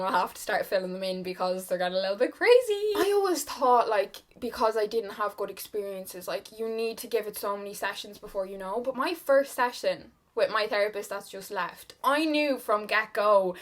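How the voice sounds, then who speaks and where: A young Irish woman in her twenties chatting rambly and confiding while she does her makeup at home, full of "like" and "kinda". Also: fairly high pitch. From Ireland. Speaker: beauty vlogger. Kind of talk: chatty get-ready-with-me talk.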